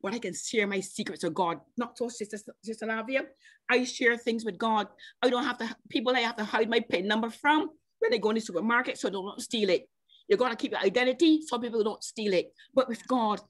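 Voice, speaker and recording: Preaching at a church service as a guest, a woman speaks in a chatty way, addressing members of the congregation by name. She stretches scripture quotes slowly between emphatic bursts, in a voice that's a little high.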